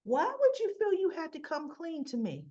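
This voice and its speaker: A woman hosting a casual soap opera recap vlog, retelling scenes in an animated way with quoted lines. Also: extremely high pitch, moderate pace, dull audio.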